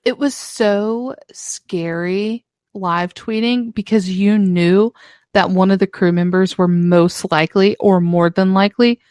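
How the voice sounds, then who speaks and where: A woman's voice: medium pitch, fairly even intonation, measured pace, darkish tone, smooth, no echo, studio quality. A woman in her twenties co-hosting a podcast, chatting casually, swearing often and acting out her past self. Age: 20s. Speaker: podcast co-host. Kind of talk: casual chat.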